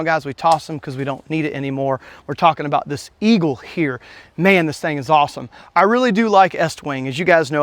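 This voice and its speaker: Channel host, man, chatty and folksy product reviewer, slightly raised pitch. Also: no room sound. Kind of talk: casual hands-on product review.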